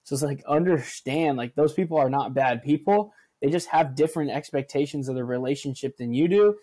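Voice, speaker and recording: A young man co-hosting a podcast, chatting casually and telling animated stories, acting out quoted lines and swearing now and then. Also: a little high, fairly quick. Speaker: podcast co-host.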